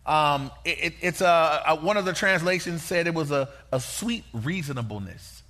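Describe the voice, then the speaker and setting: A man preaching a sermon as pastor, in a lively, folksy, conversational way. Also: fairly high pitch, moderate pace.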